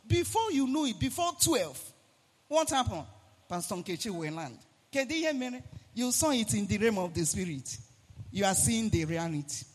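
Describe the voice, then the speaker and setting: A man with a Nigerian accent preaching a sermon, animated and sing-song, rising now and then to a shout. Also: high-pitched, moderate pace. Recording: long hall reverb.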